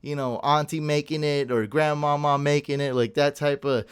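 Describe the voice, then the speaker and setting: A young man co-hosting a podcast, chatting casually and telling an animated story full of tangents and laughs. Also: fairly high pitch, normal speed, clean tone. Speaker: podcast co-host. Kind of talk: casual chat.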